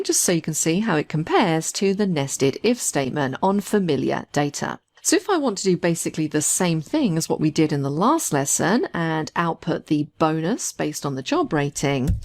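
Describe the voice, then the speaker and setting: A woman instructor talking through a spreadsheet tutorial step by step in a clear, methodical way. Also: fairly low pitch, a little mellow. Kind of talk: screen-recorded software tutorial.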